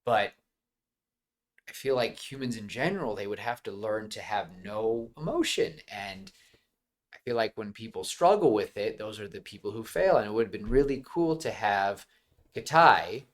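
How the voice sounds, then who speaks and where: A man with a somewhat low voice talks loosely on a casual podcast, rambling and restarting as he goes. He sounds animated and laughs easily between his points. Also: normal speed. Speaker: podcast co-host. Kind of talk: casual movie chat.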